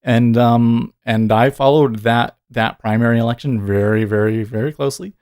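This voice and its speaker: A man's voice: medium pitch, steady tone, moderate pace, a little mellow, clear, resonant tone, dry recording, studio quality. A man in his thirties hosting a day trading livestream, talking casually and earnestly, rambling with frequent self-corrections.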